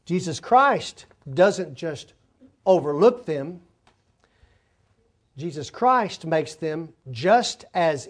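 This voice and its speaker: A man teaching a sermon to a congregation, explaining words and asking listeners to help him. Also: on the high side. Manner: explanatory, talks to congregation, asks them for help. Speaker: preacher.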